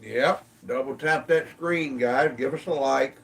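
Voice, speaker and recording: A man's voice: mid-range voice, a little slow, gravelly, recorded from a distance. A man casually hosting a livestream from his phone, greeting viewers by name in an easygoing way. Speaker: livestream host. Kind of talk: casual livestream chat reading comments.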